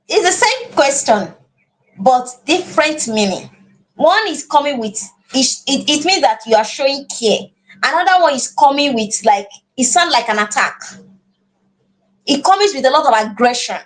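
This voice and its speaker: High, lively Nigerian woman teaching. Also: moderate pace. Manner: earnest, repeats words while finding phrasing. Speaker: parenting class teacher. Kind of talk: live online class.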